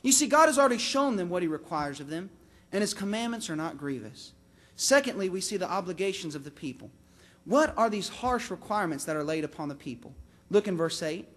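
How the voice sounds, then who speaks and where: Very high-voiced impassioned male preacher. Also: animated, fairly quick, a bit bright. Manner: impassioned, rises to emphatic peaks then drops low on key words; repeats and restarts phrases for emphasis. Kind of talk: sermon.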